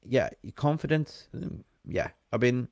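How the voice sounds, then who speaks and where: A man with a mixed accent that has a hint of Australian, co-hosting a casual live-stream chat and bantering excitedly with viewers. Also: medium pitch, unhurried, no echo, studio quality. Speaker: fan channel co-host.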